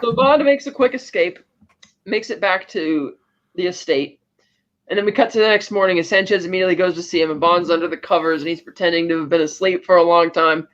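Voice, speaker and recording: High-voiced man retelling a film plot. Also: fairly quick. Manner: animated storytelling with frequent restarts. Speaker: podcast co-host. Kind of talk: casual plot recap. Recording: slightly muffled lo-fi audio.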